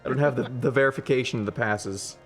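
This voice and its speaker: A man's voice: medium pitch, fast talker, faint music behind. A young man streaming a game, chatting casually with rambling, swearing asides. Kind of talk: casual gaming stream chat.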